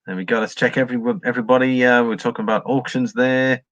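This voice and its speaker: A man's voice: mid-range voice, fairly even intonation, fast, a bit bright, no room sound, lo-fi sound. A man hosting a casual livestream, rambling as he reads viewer comments and talks through price charts. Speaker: livestream host reading charts.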